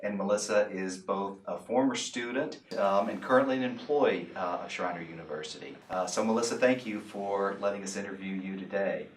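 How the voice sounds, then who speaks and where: A man hosting a formal interview as university president, measured and a little hesitant. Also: low-pitched, slight background noise. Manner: measured, with frequent "uh" fillers. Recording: roomy, from a distant mic.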